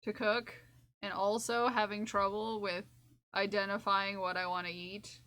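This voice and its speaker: Slow-talking bright-voiced woman streamer. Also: medium pitch, level tone. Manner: chatty, repeats her own phrases to herself. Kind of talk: casual livestream chat while crocheting.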